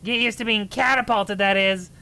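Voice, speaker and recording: A woman voicing a rowdy, excitable goblin who loves cleaning, raspy and sing-song on a gameplay stream. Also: medium pitch, moderate pace. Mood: scheming. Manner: gleeful, sing-song, nonsense syllables. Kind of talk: livestream gameplay voice acting.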